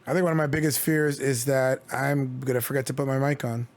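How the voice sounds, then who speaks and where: A man's voice: mid-range voice, little pitch movement, brisk. A man streaming live basketball commentary, calling plays in a casual, chatty way with jokey asides. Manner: chatty, jokey asides between play calls. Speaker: streamer giving play-by-play commentary.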